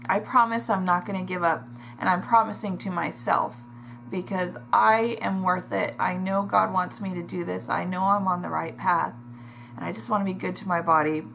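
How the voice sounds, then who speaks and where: A woman talking in a personal video diary, emotional and halting, pausing and sighing as she speaks. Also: lowish voice, fairly even intonation, vocal fry, fairly bright tone, a little hiss or hum. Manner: emotional, halting, with sighs and restarts. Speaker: vlogger.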